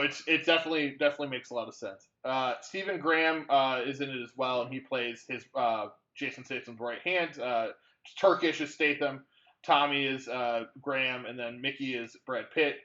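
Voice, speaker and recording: A man's voice: medium pitch, sharp tone, lo-fi sound. A man co-hosting a movie podcast, chatting casually with a rambling delivery full of fillers and restarts. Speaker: podcast co-host. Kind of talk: casual movie-review chat.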